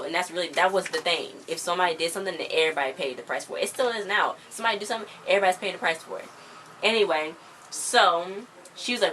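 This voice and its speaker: A woman's voice: fairly low pitch, quick pace, a bit bright, slight background noise. Chatty woman recapping a TV episode. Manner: chatty, retells scenes with lots of "like" and "you know". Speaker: TV episode reviewer. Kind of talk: casual recap vlog.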